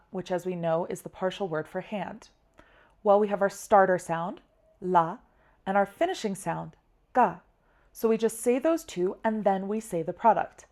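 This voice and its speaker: A woman teaching a language lesson, walking through spelling slowly step by step and repeating each example. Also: mid-range voice, a little mellow. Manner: patient, slow step-by-step spelling drills.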